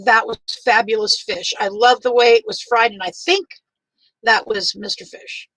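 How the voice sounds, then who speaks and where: Older woman, livestream host, teary, warm and chatty, bright higher voice. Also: fairly even intonation, moderate pace, dry recording, low-quality recording. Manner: warm, chatty, greets each viewer by name. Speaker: livestream host greeting viewers. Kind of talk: casual livestream chat.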